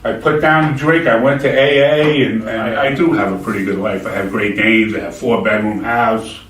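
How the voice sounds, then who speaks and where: A man in his sixties giving a personal testimony in church, halting and plainspoken with many fillers. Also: lowish voice, fairly even intonation, a bit bright, reverberant, distant mic, slight background noise, low-quality recording.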